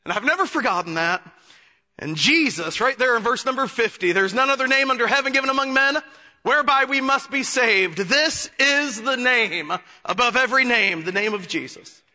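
A man preaching a sermon in a very high, sharp, bright voice. He moves from easy storytelling to fervent preaching. A long hall reverb trails every phrase. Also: lively intonation, normal speed. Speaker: pastor.

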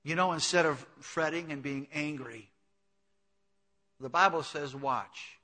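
Impassioned preacher with bright voice. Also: male voice, on the high side, measured pace, in a large hall. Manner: swings from hushed to loud urgent pleading; impassioned, repetitive exhortation. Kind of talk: sermon. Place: church sanctuary.

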